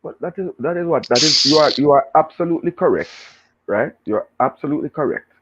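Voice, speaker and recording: A man with a Jamaican accent chatting casually about football, animated and full of patois banter. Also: fairly high pitch, fast, noisy background. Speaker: show guest and pundit. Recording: tinny phone line.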